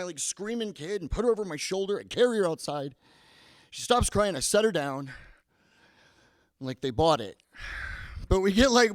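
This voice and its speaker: A man's voice: high voice, fairly bright tone, no room sound. A man in his thirties doing a stand-up set, self-deprecating and stammering into his punchlines. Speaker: stand-up comedian. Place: comedy club stage.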